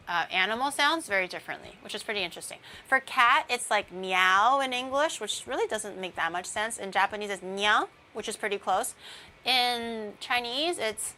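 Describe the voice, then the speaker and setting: A woman's voice: on the high side, pushed and bright. A young woman streaming as a VTuber, chatting casually while she bakes at home, rambling through playful tangents with lots of fillers. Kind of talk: casual livestream chat while baking.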